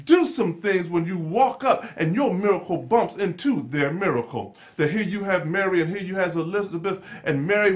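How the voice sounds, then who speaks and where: A man preaching a sermon as pastor, with a repetitive cadence that builds from calm teaching to loud exclaiming. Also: high-pitched.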